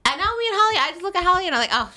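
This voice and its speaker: A woman's voice: extremely high pitch, expressive, racing, bright, forceful tone. A woman in her thirties hosting a podcast, telling a story in a gushing, giggly, casual way. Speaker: podcast host. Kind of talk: casual chat.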